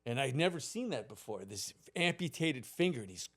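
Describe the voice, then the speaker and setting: A man's voice: medium pitch, very animated, fairly quick, fairly bright tone. A man in his fifties, a podcast host, telling a childhood story in casual, profane chat and acting out the people in it.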